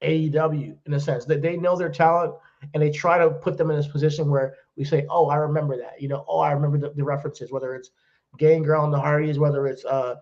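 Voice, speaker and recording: A man with a fairly high voice holds forth in casual podcast chat. He rants bluntly and drops profanity as he goes. The audio is dull and lo-fi. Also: level tone, fast talker, a little mellow. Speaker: podcast co-host.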